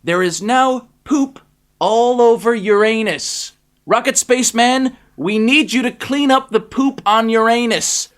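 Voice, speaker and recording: A man playing a smooth-talking world president. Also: sits high, expressive, unhurried. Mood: rallying. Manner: soothing, smooth, then loud rallying. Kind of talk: comic audiobook reading.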